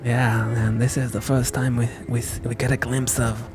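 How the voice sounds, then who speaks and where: A man's voice: medium pitch, level tone, normal speed, music in the background. A man hosting a podcast, recapping a movie in a rambling, jokey way, often interrupting himself. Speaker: podcast host.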